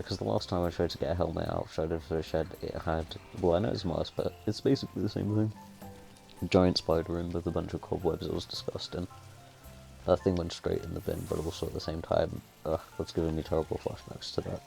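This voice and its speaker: Male game streamer, very low and gravelly, jokey chatter, faint music. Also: darkish tone. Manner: jokey, laughs often, rambling. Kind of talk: casual let's-play commentary.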